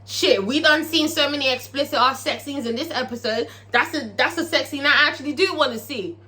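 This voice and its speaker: Bright, animated British woman. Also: high-pitched, a little fast, faint music behind. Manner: animated, profane, chatty. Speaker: TV show reviewer. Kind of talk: casual episode recap.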